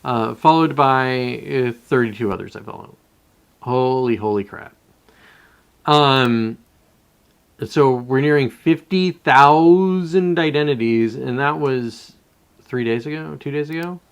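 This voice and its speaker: A man chatting loosely to his live-stream viewers in a voice of middling pitch. He rambles, swears freely and keeps cutting himself off mid-thought to start over. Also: takes it slowly, gravelly, smooth. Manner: rambling and profane, with many self-interruptions. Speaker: livestreamer. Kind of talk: casual live-stream commentary.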